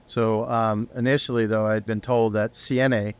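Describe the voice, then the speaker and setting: A man's voice: on the low side, little pitch movement, normal speed, smooth. Middle-aged man telling a rambling story. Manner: rambling anecdotal storyteller, swears casually. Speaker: guest, company founder. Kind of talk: casual storytelling interview.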